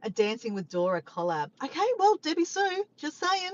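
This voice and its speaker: A woman's voice: sits high, big pitch swings, moderate pace, highs cut off. A woman chatting casually on a live stream from her car by the beach, reading viewer comments, laughing and teasing playfully.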